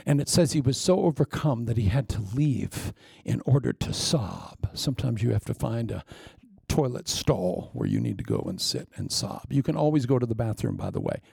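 A man preaching a sermon, telling a story with lively asides, acted-out lines and sound effects. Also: medium pitch, moderate pace, creaky, slightly rough, no room sound.

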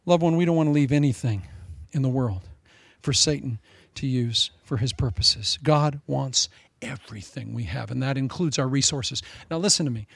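A man preaching a sermon in an animated, joking way. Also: medium pitch, normal speed, creaky, husky, dry recording. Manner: animated, joking, with frequent laughs.

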